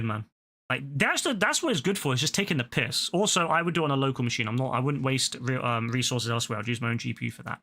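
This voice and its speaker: Bright-voiced streamer, rambling and sweary. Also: male voice, mid-range voice. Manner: rambling, swears freely, frequent stammered restarts. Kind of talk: casual reaction commentary.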